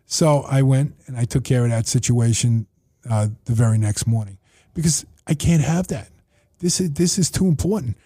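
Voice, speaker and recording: A man's voice: medium pitch, normal speed, breathy edge. A man telling stories in a casual podcast chat, acting out his own and others' lines as he goes. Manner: animated storyteller, quoting himself and others. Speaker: facility owner and manager. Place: table in his facility.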